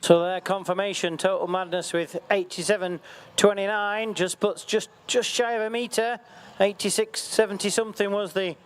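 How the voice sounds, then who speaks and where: A man giving excitable, jokey live commentary at an outdoor event. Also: sits high. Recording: faint outdoor background noise.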